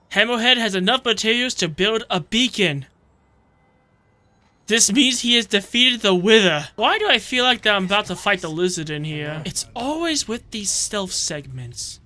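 A man giving comedic, profane commentary while playing a video game, often bursting into yells. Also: sits high, animated, moderate pace. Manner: joking, swearing, sudden yelling outbursts. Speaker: gameplay commentator. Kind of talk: comedic let's-play commentary.

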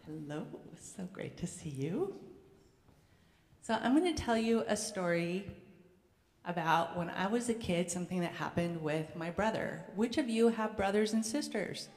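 Woman, pastor, gentle storyteller for kids, mid-pitched voice, roomy church reverb. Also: moderate pace. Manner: gentle, conversational storytelling with children. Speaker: pastor leading a children's message. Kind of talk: prayer and children's sermon. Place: church sanctuary. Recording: echoey church hall reverb.

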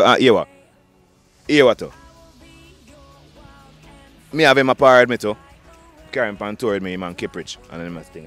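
A man with a Jamaican accent, a dancehall artist talking in an interview, fast and repetitive, often restarting his sentences. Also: mid-range voice, a bit bright. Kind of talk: interview, casual talk.

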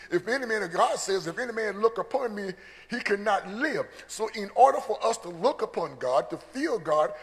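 A man preaching a teaching sermon, earnest, often repeating words as he builds a point. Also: sits high. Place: church. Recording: long church hall reverb.

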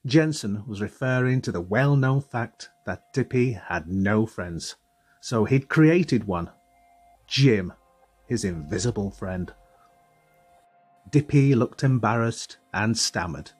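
A man narrating a children's audiobook in a steady storytelling voice. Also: fairly low pitch, slow pace, breathy edge, faint music behind. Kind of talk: scripted narration.

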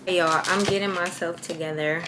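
A woman's voice: lowish voice, steady tone, a little fast, background noise. A woman in her twenties vlogging casually to camera, chatty and slangy, talking straight to her viewers. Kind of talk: casual vlog chat to camera.

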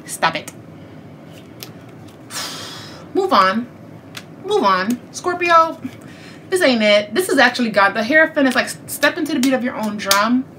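A woman's voice: a little high, a little slow, pauses often, slight background noise. Chatty woman giving a tarot reading. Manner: chatty and animated, laughs often, talks straight to viewers. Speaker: tarot reader. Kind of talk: casual tarot reading for viewers.

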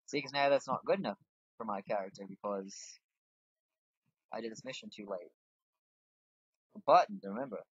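A man's voice: mid-range voice, breathy edge, no echo. A man casually commenting on his game as he plays, rambling and making fun of himself. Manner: rambling, self-mocking, thinks aloud while playing. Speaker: gaming channel host. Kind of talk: casual let's-play commentary. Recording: dull lo-fi dry mic.

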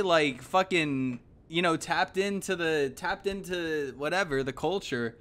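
Speaking at a measured pace with hardly any pauses, this young man has a voice on the high side. While streaming a video game, he chats casually, rambling and cursing, one moment mumbling and the next yelping with excitement.

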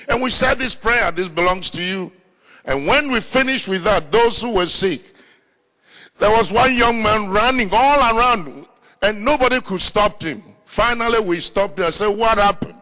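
African-accented preacher man, high voice, slow and deliberate, big hall reverb around him. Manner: animated storytelling preacher, bursts into shouts. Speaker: pastor. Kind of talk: sermon. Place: large church hall, live meeting.

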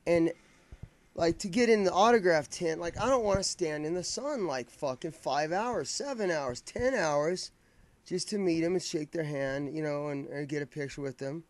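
A man with a fairly high, expressive voice recounts a fan story at a moderate pace in casual vlog style. He goes on at length, swears freely and repeatedly restarts what he's saying.

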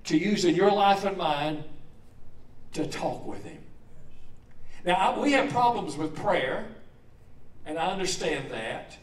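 Male pastor, sermon, conversational, unhurried delivery, echoing room. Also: a little high, recorded from a distance. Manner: conversational, asks the congregation questions.

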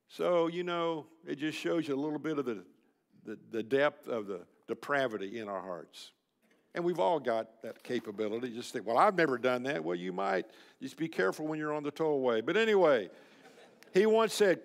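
A man's voice: fairly high pitch, expressive, moderate pace, vocal fry. An older man preaching a folksy, blunt, emphatic sermon to a men's luncheon. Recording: reverberant hall.

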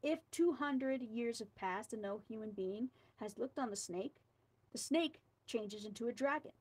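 A woman reading a scary folk tale aloud, slipping in quiet asides between the lines. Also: a little high, a little slow, husky, low-quality recording. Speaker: storyteller.

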